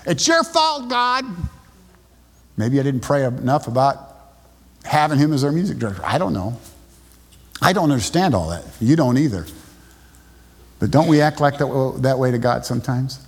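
A man preaches in a mid-pitched voice, retelling stories in a halting way with frequent restarts. His voice carries a long reverb, as in a church sanctuary. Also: a little mellow, slightly rough. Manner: halting storytelling with many restarts. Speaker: pastor. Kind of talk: sermon. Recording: long reverb in a large hall.

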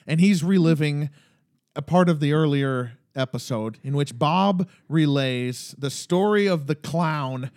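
Animated high-voiced man, podcast chat. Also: unhurried. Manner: animated, laughs often, addresses characters directly. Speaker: podcast co-host. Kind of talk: casual rewatch podcast chat.

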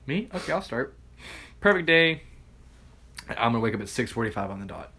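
A man's voice: medium pitch, big pitch swings, fairly quick, pushed and bright, slightly rough. A man co-hosting a podcast in crude, joking casual chat. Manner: crude, laughing banter. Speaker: podcast co-host.

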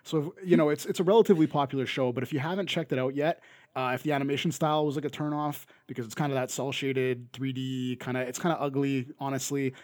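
Canadian guy, young, podcast co-host; easygoing rambler, middle pitch, dry studio sound. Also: steady tone, quick pace, darkish tone, dry recording. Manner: rambling, many fillers and restarts. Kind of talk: casual chat.

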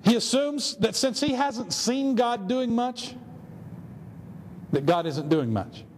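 A man's voice: very high-pitched, animated, slow, slight background noise. A man pastor preaching a sermon, telling a story earnestly with rhetorical questions. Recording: long hall reverb, faint ambience.

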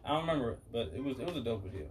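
A man's voice: medium pitch, very animated, rapid-fire, noisy background. A man chatting as a podcast guest, laid-back and slangy, with lots of filler words. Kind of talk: casual podcast chat.

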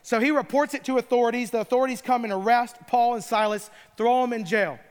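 High-voiced pastor in a reverberant hall. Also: male voice, fast talker, clean tone. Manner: storytelling with playful asides. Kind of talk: sermon.

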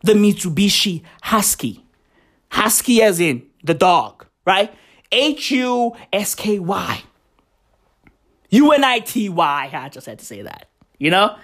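Slow and a bit bright, this high male voice swings widely in pitch as he reacts to tweets in a casual vlog. He swears heavily, stays emphatic, and keeps firing off repeated rhetorical questions.

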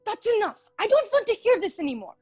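A hard, unyielding elderly mother, played by an actress, her voice pitched high yet clipped. She scolds and commands in short, curt lines. The delivery belongs to a stage drama. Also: animated, moderate pace, darkish tone, faint music behind. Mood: sharp. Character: stern, cold elderly mother.

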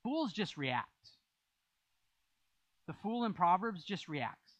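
A man's voice: fairly high pitch, lively intonation, slow pace, pauses often, fairly bright tone, no echo, lo-fi sound. A man preaching a sermon as pastor, in a conversational style with rising emphasis.

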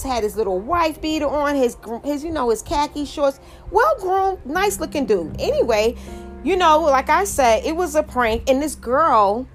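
A woman's voice: fairly high pitch, a bit bright. A middle-aged woman vlogging, telling a story in a rambling, emphatic way, full of asides and restarts. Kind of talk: casual storytelling monologue.

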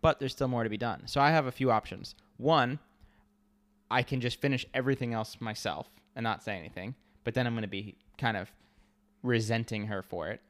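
A young adult man co-hosting a podcast in casual chat, laying out his points calmly and laughing often. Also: medium pitch, normal speed. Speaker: podcast co-host.

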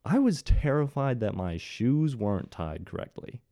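A man's voice: medium pitch, sing-song, normal speed, warm tone, no echo, clean studio sound. A young man from Ohio in his twenties, telling a story to his viewers in a casual way, with sarcastic asides. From Ohio, USA. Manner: jokey, sarcastic asides to the audience. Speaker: commentary host.

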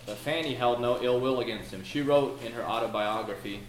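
A man's voice: medium pitch, fairly quick, hardly any pauses. A man preaching a sermon in a folksy, storytelling way, reciting prayers and verses. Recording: echoey room with noise.

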